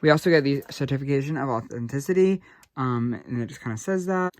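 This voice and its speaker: A young man giving a casual doll unboxing review, excitable and gushing, with lots of fillers. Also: mid-range voice, fast, no echo.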